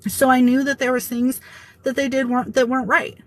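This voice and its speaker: A woman telling an animated story about her workplace in a casual vlog, quoting the people involved. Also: sits high, a little fast, low-quality recording. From Italian heritage. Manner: animated retelling, quoting others.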